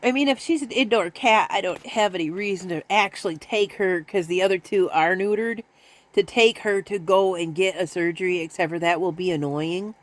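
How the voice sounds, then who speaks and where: Woman, casual, rambling, laughing, baby voice for pets. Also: moderate pace. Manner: rambling, talks to her pets in a high baby voice; laughs often. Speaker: vlogger. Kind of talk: casual chat to camera.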